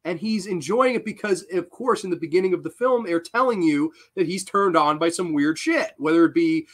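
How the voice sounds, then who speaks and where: A man hosting an unscripted movie review, excitable and profane, who laughs often. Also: high voice, a little fast.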